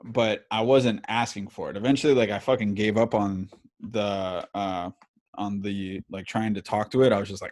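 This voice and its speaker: Brief: thirties male podcast host, lowish voice, loose and profane, animated storyteller. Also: normal speed. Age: 30s. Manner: animated, swears a lot, many fillers. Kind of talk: casual storytelling chat.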